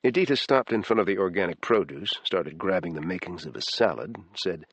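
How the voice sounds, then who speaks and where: Low husky male thriller narrator. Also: lively intonation, brisk, few pauses, a bit bright, dry recording. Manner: taut, dramatic storytelling. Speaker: audiobook narrator.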